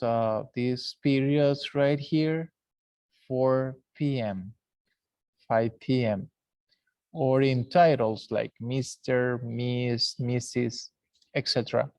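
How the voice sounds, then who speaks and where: Man, english teacher, patient explanations, slow pace, dry close sound. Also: mid-range voice, a little mellow, no echo. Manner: patient, explanatory, pauses to point things out. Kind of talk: live commentary on a lesson video.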